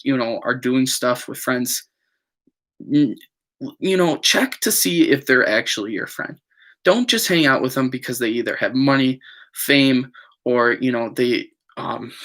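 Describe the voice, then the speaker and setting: Speaking at a medium pitch with a sharp tone, a young vlogger casually tells his viewers about falling out with his friends. His storytelling wanders, leaning heavily on fillers and repetition.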